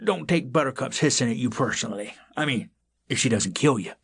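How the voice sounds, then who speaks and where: A man's voice: mid-range voice, lively intonation, brisk, gravelly, a bit bright, breathy edge, voice pushed up, full character voice. A man voicing a chatty, forgetful old male house cat who rambles and repeats himself in a children's audiobook.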